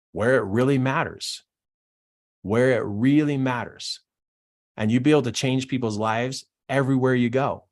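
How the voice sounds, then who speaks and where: A middle-aged man, a business coach, talking in a live-streamed Q&A, emphatic and fond of repeating phrases for effect. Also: mid-range voice.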